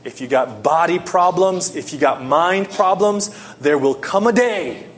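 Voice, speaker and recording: A man preaching a sermon, telling a personal story and swinging between loud pleading and hushed tones. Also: a little high, lively intonation, a little slow.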